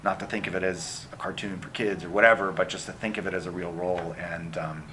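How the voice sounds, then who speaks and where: A middle-aged man, a film director, answering interview questions in an animated way with many fillers and restarts. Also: sits low, fast talker, a little hiss or hum.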